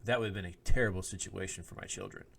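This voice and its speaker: A man co-hosts a faith-themed podcast in easy conversation, with a lowish voice. He tells stories from his own life, slips into the voices of the people he quotes, and laughs easily. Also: sing-song, fast, vocal fry, a bit bright. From Oklahoma. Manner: storytelling, acts out quoted lines, laughs often. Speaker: podcast co-host, minister. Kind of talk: casual chat, personal story. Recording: podcast microphone.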